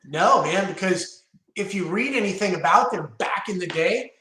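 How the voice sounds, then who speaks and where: A man's voice: high voice, lively intonation, normal speed, bright, forceful tone. A man co-hosting a podcast, chatting with enthusiasm. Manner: enthusiastic, chatty music talk. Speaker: podcast co-host. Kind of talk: casual chat. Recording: echoey room.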